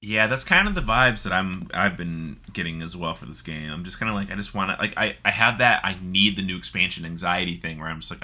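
A man's voice: low-pitched, a little fast, few pauses. A man chatting casually about a video game, telling stories with swearing and laughter. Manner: animated, swearing, laughing storyteller. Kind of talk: casual gaming chat.

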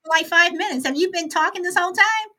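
A woman's voice: very high-pitched, quick pace, sharp tone. A middle-aged woman hosting a live online chat, talking casually with many restarts and frequent laughter. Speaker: host of a live online show.

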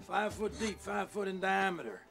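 A man's voice: high voice, lively intonation, moderate pace, gravelly, a bit bright, faint music behind, exaggerated voice. An actor playing a stern male camp overseer laying down rules in a film clip, with clipped commands.

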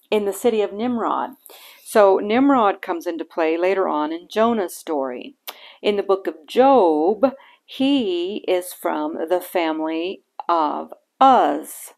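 Slow, halting woman sharing scripture. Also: mid-range voice. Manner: halting, with frequent fillers and restarts; earnest and reflective. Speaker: podcast host reading scripture. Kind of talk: casual bible-reading podcast talk.

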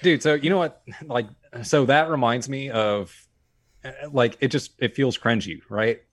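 A man's voice: mid-range voice, a little slow. Laid-back young man chatting. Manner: casual, searching for words, swears freely. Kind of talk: casual chat.

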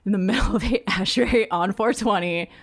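A woman in her thirties tells a funny story in a relaxed chat. Her voice is of middle pitch, and she laughs a lot and jumps up into a higher voice when she quotes people. She sounds lively and unguarded. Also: brisk. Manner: animated, laughing, acts out quoted lines in a higher voice.

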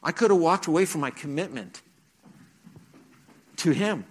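His voice is a little high and animated with a breathy edge, at normal speed but with long pauses. This middle-aged youth speaker preaches to teens in a church, earnestly telling his own testimony and acting out the quotes.

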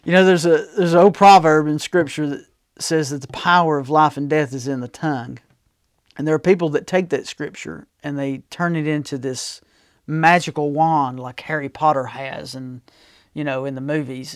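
A male pastor preaching a sermon, telling folksy stories and swinging from loud to soft. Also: fairly high pitch, fairly even intonation, moderate pace, no echo, studio quality. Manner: folksy storytelling with big swings in loudness.

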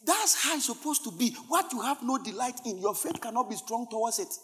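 A man with a Ghanaian accent preaching a sermon as pastor, animated, moving between quiet asides and shouted exhortation. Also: very high-pitched, brisk, long reverb tail.

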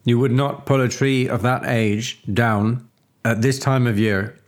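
A man's voice: mid-range voice, steady tone, unhurried, natural voice. A man voicing a confident male investigator who speaks emphatically. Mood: emphatic.

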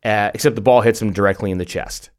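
A middle-aged man co-hosting a podcast, telling stories in an animated way with lots of restarts and laughs. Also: fairly low pitch, quick pace. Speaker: podcast co-host. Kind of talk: casual chat.

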